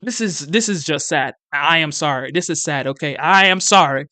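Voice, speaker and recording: A reaction-video host talks back at a clip in an earnest, sometimes preachy tone and sounds exasperated. The voice is smooth and clear. It is recorded close and dry, with no room sound. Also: medium pitch, normal speed, bright, forceful tone, no room sound. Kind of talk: casual reaction commentary.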